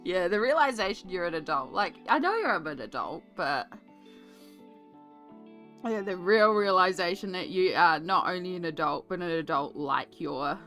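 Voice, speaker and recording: A woman's voice: on the low side, lively intonation, moderate pace, a bit bright, soft background music. A woman in her thirties with an Australian accent, chatting and laughing while colouring on a stream. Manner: chatty, laughing, mimics sarcastic adult tones. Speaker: art streamer. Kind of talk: casual chat while colouring.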